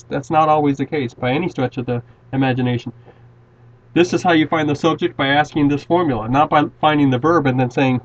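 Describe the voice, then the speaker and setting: Patient man teaching grammar, lo-fi. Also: fairly high pitch. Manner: patient, repeats and restarts words while explaining. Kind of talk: grammar lesson at a whiteboard. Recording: dull lo-fi classroom recording.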